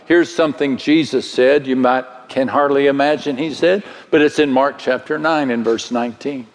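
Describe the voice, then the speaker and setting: A man preaching a sermon, slow and dramatic, his voice swelling higher at the most stirring moments. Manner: slow, dramatic delivery with sudden swells in pitch. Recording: long hall reverb.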